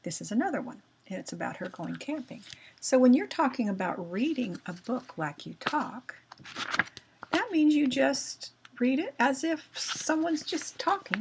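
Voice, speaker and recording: Husky, lively-voiced woman teacher. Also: high voice, unhurried. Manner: patient, explains simply, checks in with "okay?". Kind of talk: classroom reading lesson for children.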